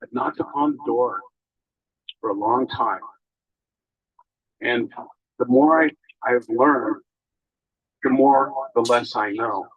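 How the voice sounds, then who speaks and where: A man gives a spiritual talk to a gathering, pausing often as he goes. His voice is husky and a little breathy, and the emotion shows in his words. The recording sounds dull and lo-fi. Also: medium pitch. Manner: emotional, halting, with long pauses. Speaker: speaker.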